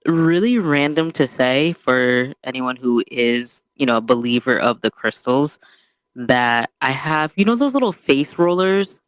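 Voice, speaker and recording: A woman co-hosting a podcast in casual chat, talking in a relaxed, unhurried way with frequent laughter and slangy asides. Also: extremely low pitch, no echo. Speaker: podcast co-host.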